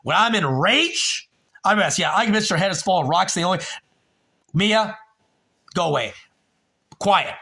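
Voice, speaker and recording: Male streamer, forties, forceful bright voice, rambling and profane with his chat. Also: high voice, expressive, measured pace, vocal fry, pauses often. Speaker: livestream host. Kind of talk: casual storytelling to chat.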